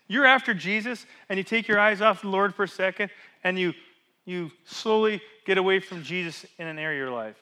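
A male pastor preaching in a church with a high, bright, forceful voice. He talks in animated rhetorical questions and swings from loud emphasis to hushed, quiet drops. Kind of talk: sermon.

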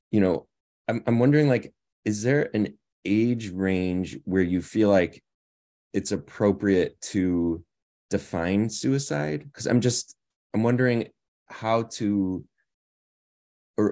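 A man's voice: fairly low pitch, warm tone. A man co-hosting a podcast who asks a question hesitantly and thoughtfully, restarting as he goes. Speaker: podcast co-host. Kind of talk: podcast interview.

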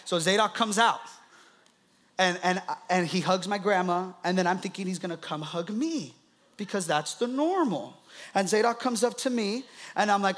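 A man, a pastor, preaching with animated, laughing storytelling. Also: high voice, moderate pace. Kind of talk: sermon.

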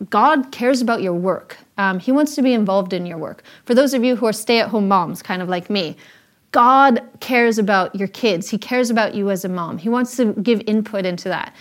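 A woman's voice: medium pitch, moderate pace. A woman in her thirties giving an earnest, conversational Christian talk, telling stories with frequent ums and restarts. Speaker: speaker sharing a Christian talk. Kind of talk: informal sermon talk with stories.

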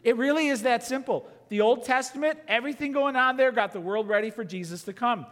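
A man's voice: very high-pitched, a little fast, a bit bright. A man preaching a sermon as pastor, emphatic, with many rhetorical questions. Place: church sanctuary. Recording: long church reverb.

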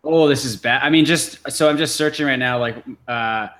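A man's voice: mid-range voice, normal speed, a bit bright. A man from Canada co-hosting a podcast, loose and laid-back, trailing off mid-thought. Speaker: podcast co-host. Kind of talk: casual chat.

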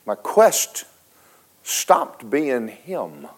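A man preaching a sermon, telling a story dramatically, switching between loud and hushed and talking straight to the congregation. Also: medium pitch, sing-song, drawn-out words. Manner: folksy, speaks to the congregation directly.

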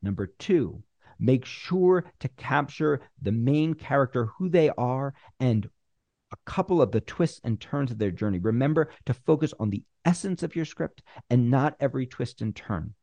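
A man teaching screenwriters how to pitch, acting out both sides of a pitch meeting and pausing on purpose. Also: expressive, warm tone, no room sound. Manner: uses deliberate pauses. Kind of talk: instructional talk.

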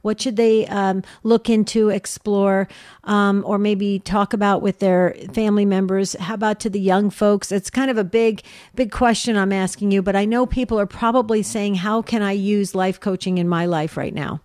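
A woman's voice: medium pitch, fairly even intonation, moderate pace, no room sound, clean studio sound. Gushing woman radio co-host. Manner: warm, gushing, asks rambling questions. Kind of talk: hosting a radio talk show.

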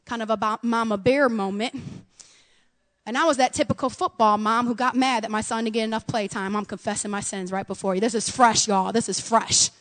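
A middle-aged woman preaching a sermon, earnest, calling her listeners friends and rising to loud fervor. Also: fairly high pitch, a little fast, big-room sound.

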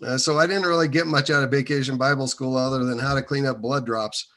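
Bright-voiced man, hesitant storyteller. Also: medium pitch, fairly even intonation, quick pace. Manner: hesitant and meandering, many fillers. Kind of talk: personal storytelling.

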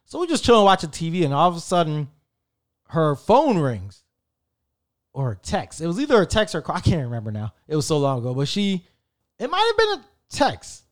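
A man in his thirties tells a story in a relaxed, slangy way, with plenty of swearing. His voice sits a little high for a man, and his pitch jumps around a lot as he gets into the tale. He sounds casual and animated throughout. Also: a little fast. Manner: animated, profane, slangy and conversational.

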